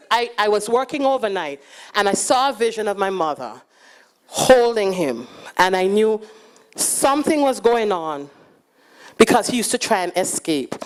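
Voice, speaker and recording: A woman in her forties, speaking at a conference, telling lively personal stories with frequent laughter. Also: mid-range voice. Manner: lively, animated and laughing, acting out quotes. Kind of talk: personal storytelling talk. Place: conference stage.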